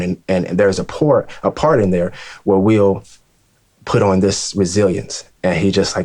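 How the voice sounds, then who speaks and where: A man with a very low, deep voice hosts a sit-down discussion. He talks earnestly and haltingly, restarting his sentences as he goes. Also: steady tone, darkish tone. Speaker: host. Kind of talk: casual discussion.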